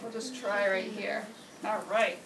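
In this classroom demonstration, a woman speaks at a measured pace with a steady tone and medium pitch, upbeatly showing children how to use an app step by step. Audio is noisy and reverberant, recorded by a camera far away.

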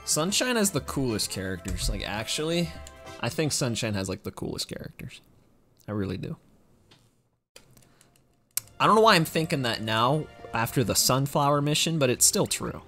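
A man's voice: mid-range voice, big pitch swings, moderate pace, long pauses, a bit bright, faint music behind. A young man speedrunning a game on a live stream, chatting casually and making self-deprecating jokes to his viewers.

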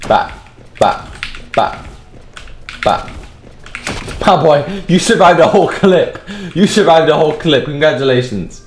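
A man's voice: fairly high pitch, animated, measured pace, long pauses, reverberant, a little hiss or hum. A man giving profane, taunting commentary over his own gameplay. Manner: profane, taunting trash talk. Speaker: gaming video host.

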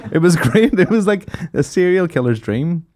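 A man's voice: sits high, very animated, moderate pace, darkish tone, dry recording, clean studio sound. A man from Northern Ireland with its accent, a guest on a casual podcast, rambling and laughing as he jokes around. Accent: Northern Irish. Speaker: podcast guest, DJ and radio presenter.

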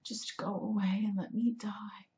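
A woman voicing a weary male demon trapped in a cat's body, speaking in a weak, gravelly whisper. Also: high voice, measured pace, warm tone, voice pushed up. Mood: faint. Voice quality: gravelly mutter.

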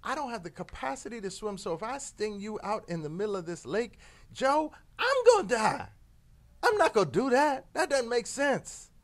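A man's voice: high-pitched, expressive, fairly quick, hardly any pauses, pitched above the performer's own voice. A man doing a slick persuasive scorpion. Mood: pleading. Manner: casual slang, pleading. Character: smooth-talking male scorpion, persuasive, streetwise.

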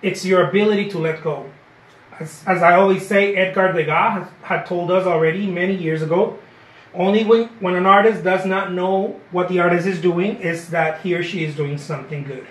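A man's voice: high voice, fairly even intonation, moderate pace. A man giving a live painting lesson, chatty and encouraging, repeating his points and often asking "okay?". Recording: roomy echo.

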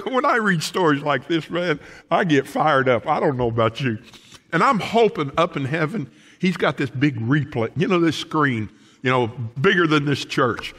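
A male pastor preaching a sermon in a church, animated and folksy, with frequent asides to the congregation. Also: on the high side, husky, big-room sound. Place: church sanctuary.

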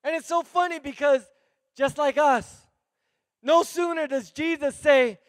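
A male pastor preaching a sermon in a church, animated and conversational, calling out to the congregation. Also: very high-pitched, measured pace, dry recording, clean studio sound.

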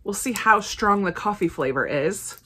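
A woman chatting casually as she unboxes and tastes snacks, upbeat and quick to laugh. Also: mid-range voice, animated, fairly bright tone, breathy edge. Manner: chatty, enthusiastic, frequent laughs. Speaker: snack reviewer. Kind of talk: casual unboxing and tasting vlog.

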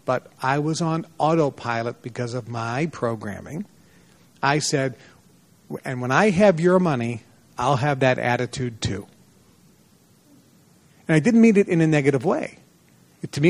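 A man giving a motivational seminar lecture to a live audience, telling personal stories and acting out the dialogue in them. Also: medium pitch. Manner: animated storyteller, acts out dialogue in a lively voice.

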